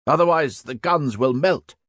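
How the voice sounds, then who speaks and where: A man doing a gruff veteran soldier. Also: fairly high pitch, normal speed, fairly bright tone, no echo, studio quality, pitched above the performer's own voice. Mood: urgent. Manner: barking orders, rough camaraderie. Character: battle-hardened older soldier, gruff and commanding. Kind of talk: audiobook narration.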